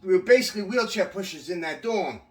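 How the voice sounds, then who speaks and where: A man's voice: high-pitched, expressive, fast talker, a little mellow, far from the mic. A man casually recounting his prison time, swearing freely and rambling with restarts. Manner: profane, rambling with frequent restarts. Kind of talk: casual storytelling. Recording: echoey room, voice from away from mic.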